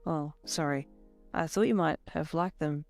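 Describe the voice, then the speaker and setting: A woman voicing a quiet, gentle teenage boy with a soft, subdued delivery. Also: low voice, measured pace, gravelly, soft background music.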